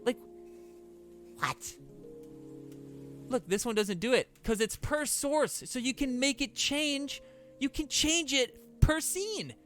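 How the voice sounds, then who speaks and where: A young man streaming games in casual chat, excitable and profane, often breaking into disbelieving exclamations. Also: very high voice, slow pace, pauses often, faint music behind. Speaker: gaming streamer.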